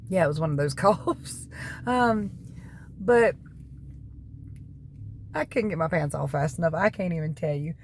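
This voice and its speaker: A woman's voice: sits low, unhurried, creaky, long pauses, a little hiss or hum. A middle-aged woman from North Carolina with a Southern accent, chatting casually to her viewers, folksy and rambling off on tangents, coughing now and then from allergies. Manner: folksy, laughs between remarks. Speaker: keto diet vlogger. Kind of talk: casual chat to camera.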